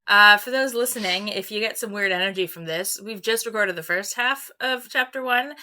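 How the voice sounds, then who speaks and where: A woman's voice: mid-range voice, moderate pace, pushed and bright. A young woman hosting a casual gaming podcast, giggly and easygoing. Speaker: podcast host.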